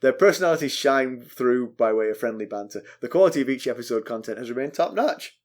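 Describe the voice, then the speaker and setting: A man's voice: medium pitch, animated, fast talker. A man co-hosting a book podcast, wry and hesitant, often restarting his sentences. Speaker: podcast co-host. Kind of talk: casual podcast chat.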